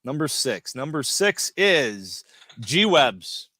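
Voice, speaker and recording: Male host, bright and crisp, upbeat, gracious. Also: mid-range voice, very animated, slow, no room sound, clean studio sound. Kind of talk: live show casual chat.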